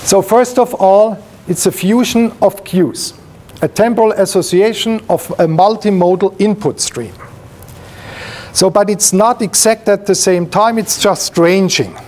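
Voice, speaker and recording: Man, high-pitched, academic seminar lecture, halting, restarts. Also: darkish tone. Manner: halting, with frequent restarts and fillers; explains while pointing at slides. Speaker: university professor giving a seminar.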